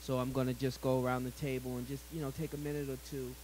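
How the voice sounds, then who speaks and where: A man's voice: mid-range voice, flat delivery, fast talker, a little mellow, slight background noise, low-quality recording. A man hosting a live community panel, enthusiastic and encouraging toward his guests. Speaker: host.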